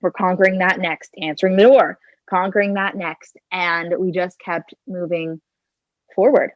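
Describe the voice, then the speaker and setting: A woman in her twenties tells a personal story as a podcast guest, leaning on filler words and voicing her own thoughts. Her voice sits fairly low. She speaks into a handheld phone, so the sound is dull and lo-fi with no room echo. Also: fairly even intonation, normal speed. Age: 20s. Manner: chatty, leans on "like" and "kinda", acts out her own thoughts.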